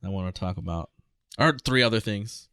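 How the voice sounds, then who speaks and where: A man's voice: lowish voice, normal speed, bright, forceful tone, clean tone, no echo. A man co-hosting a podcast in casual chat, easygoing and reactive, who often laughs. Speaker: podcast co-host.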